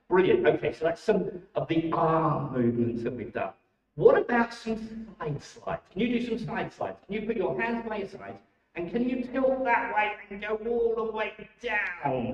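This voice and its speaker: A man with a high voice leads children's warm-ups for a church holiday club. He talks in an enthusiastic, encouraging, exclamatory way. He sounds far from the mic in an echoey church hall, and the recording is dull. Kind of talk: leading a children's warm-up and briefing.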